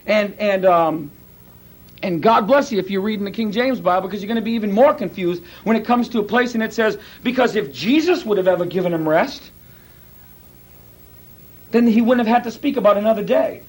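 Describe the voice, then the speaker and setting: A male pastor preaching a sermon in an animated, conversational way, acting out quotes as he goes. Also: high voice, fairly quick, husky, rough recording.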